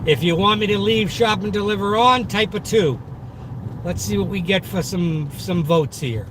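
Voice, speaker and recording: A man's voice: high voice, normal speed. A man with a Boston accent, a delivery driver chatting live with viewers from inside his car. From Massachusetts. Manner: chatty, talks to viewers in chat, upbeat and boastful. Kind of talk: casual live-stream chat while driving. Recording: noisy car interior. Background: car and road noise.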